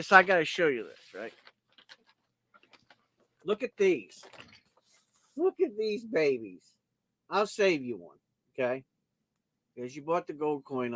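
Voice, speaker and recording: Male livestream auction host, slightly high voice, chatty and jokey, dry close sound. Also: bright, forceful tone, no echo. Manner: chatty and joking, talks straight to viewers. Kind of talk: casual livestream chat.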